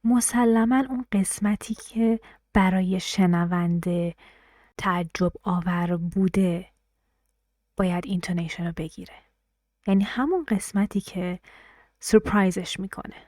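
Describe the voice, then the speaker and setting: A woman teaching pronunciation who explains quickly and mixes English terms into her speech. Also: medium pitch, steady tone, darkish tone, no echo, studio quality. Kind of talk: explaining a lesson in brisk lecture style.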